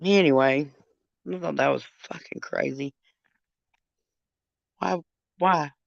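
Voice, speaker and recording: This older livestream host has a low, gravelly voice and takes her time, swearing and chatting as she tells a story straight to her audience. The sound is dull and lo-fi with no echo.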